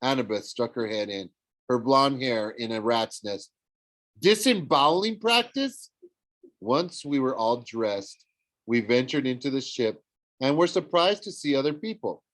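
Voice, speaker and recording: A man reading a novel aloud, animated, with frequent slips and self-corrections. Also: medium pitch, moderate pace, no room sound. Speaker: audiobook reader. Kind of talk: storybook read-aloud narration.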